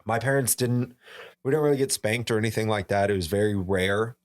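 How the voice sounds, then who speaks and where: A young man from Arizona chatting casually on a podcast, an animated storyteller who says "like" a lot. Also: on the low side, brisk. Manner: animated storyteller, fills talk with "like". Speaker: podcast guest or co-host.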